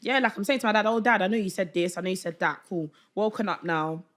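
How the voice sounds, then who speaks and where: Animated young woman telling a story. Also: mid-range voice, fast talker. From London. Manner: animated, acts out quoted voices, slangy. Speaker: podcast guest. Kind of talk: casual storytelling chat.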